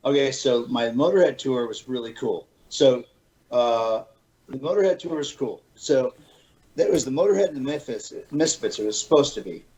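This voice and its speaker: A man's voice: medium pitch, moderate pace, a little mellow, poor audio. Laid-back swearing man telling stories. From Florida. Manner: loose, swearing storyteller. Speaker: podcast guest. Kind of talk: casual chat.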